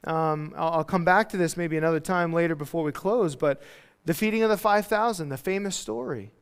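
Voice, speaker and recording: A male pastor preaching a casual, animated sermon, acting out quotes as he goes. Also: on the high side, brisk, clean tone, in a large hall. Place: church hall.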